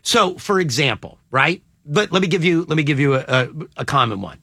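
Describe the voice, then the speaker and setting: A man's voice: a little high, a little fast, vocal fry, husky, no echo, studio quality. A man hosting a morning radio show, chatting animatedly and taking callers. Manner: animated, laughing, takes calls.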